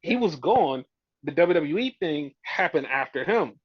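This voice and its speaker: Profane ranting man, higher voice. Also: expressive, unhurried, husky, dry recording, dull audio. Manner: heated, profane, mimics fans in quotes. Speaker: podcast co-host. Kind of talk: casual opinion rant.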